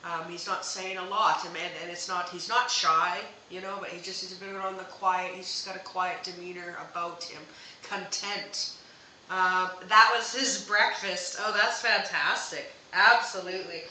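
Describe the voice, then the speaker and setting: A woman's voice: fairly low pitch, steady tone, normal speed, pushed and bright, very echoey, a little hiss or hum, rough recording. A woman hosting a live psychic reading, talking hesitantly with many fillers and restarts. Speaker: psychic medium host.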